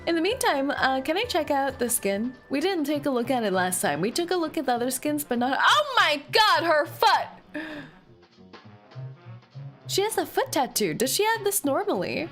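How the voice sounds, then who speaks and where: A young woman streaming a game, chatting casually and breaking into drawn-out, whining cries. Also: high-pitched, sing-song, a bit bright, soft background music. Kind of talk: casual gameplay commentary.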